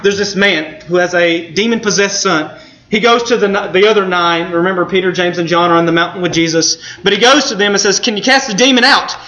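Earnest, bright-voiced male preacher. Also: high-pitched, muffled recording. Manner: earnest storytelling, pauses for emphasis. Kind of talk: sermon.

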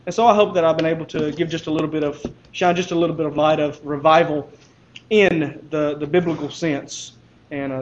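Male pastor, sermon delivery, emphatic with restarts; high-ish voice, muffled recording. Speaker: preacher. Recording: slightly dull, faint hiss.

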